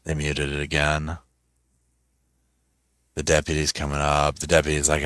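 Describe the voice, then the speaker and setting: A man's voice: rumbling low, completely flat delivery, normal speed, a bit bright, clean tone, no room sound. A man hosting a casual live stream, mocking people with funny voices and cheerfully greeting viewers by name. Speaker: host. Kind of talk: live stream commentary with chat. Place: at home.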